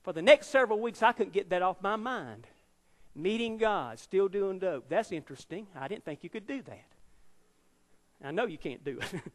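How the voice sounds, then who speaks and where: A high-pitched male evangelist in his fifties preaches his testimony in a dramatic, emphatic storytelling way. His voice rings through a large auditorium with a long, trailing reverb. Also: animated, moderate pace. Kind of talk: testimony sermon.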